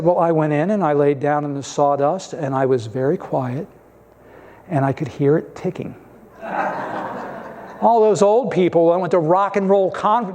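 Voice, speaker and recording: Man, pastor, sermon, storytelling, gentle humor, emphatic rises, fairly high pitch.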